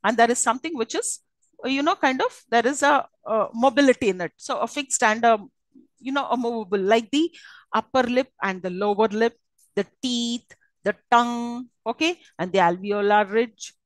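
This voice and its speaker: A woman's voice: fairly high pitch, normal speed, no echo, low-quality recording. A woman with an Indian English accent giving a university lecture on phonetics, with many fillers and frequent checking questions to the class.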